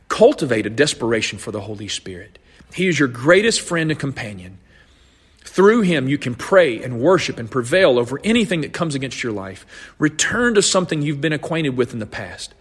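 A man preaches in an earnest, searching way, often repeating and restarting phrases as he unpacks scripture. His voice sits a little high for a man and has a husky edge. The sound trails off in the long reverb of a large hall. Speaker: pastor. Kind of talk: sermon.

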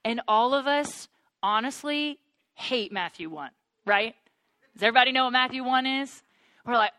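Her voice a little high, a woman teaches the Bible at a moderate pace, pausing often, in an earnest, personal manner that rises to excited wonder as she addresses listeners as "you guys." She sounds choked up, and the recording has no room sound.

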